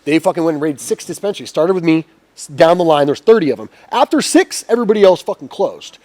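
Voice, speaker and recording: A man's voice: a little high, fast talker. A middle-aged man telling a long story as a podcast guest, cursing freely and acting out what people said. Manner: profane, animated, acts out quotes. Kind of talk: casual storytelling.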